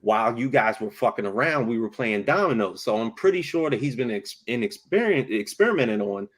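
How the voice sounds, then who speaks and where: A man's voice: medium pitch, lively intonation, a little fast. A man co-hosting a casual podcast, recapping a cartoon episode with profanity and acting out the characters' lines. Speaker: podcast co-host.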